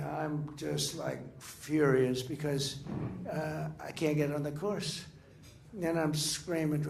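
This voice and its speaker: Older man, off-the-cuff dinner speech, rambling asides, slightly high voice, echoey room with faint background hum. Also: creaky, a little mellow. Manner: rambling, anecdotal, boastful, with frequent asides. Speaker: speaker at a political dinner. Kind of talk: off-the-cuff after-dinner remarks. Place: large dining room.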